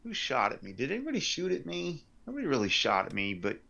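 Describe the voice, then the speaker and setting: A man's voice: medium pitch, wildly swooping pitch, quick pace, gravelly, bright, forceful tone. A man running a tabletop game as game master, thinking aloud over rolls and rules in a lo-fi live-stream recording. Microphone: headset or desk mic on a live stream.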